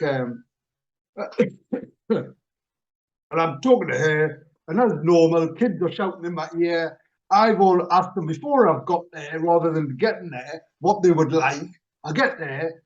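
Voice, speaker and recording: High-voiced chuckling man. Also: a little slow, highs cut off. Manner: animated storyteller, chuckles at himself. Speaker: radio show host. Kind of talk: casual chat.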